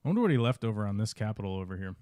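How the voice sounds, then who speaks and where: A man's voice: fairly low pitch, big pitch swings, very fast, mellow, no room sound. A male streamer giving casual, wry commentary while he plays a strategy game live.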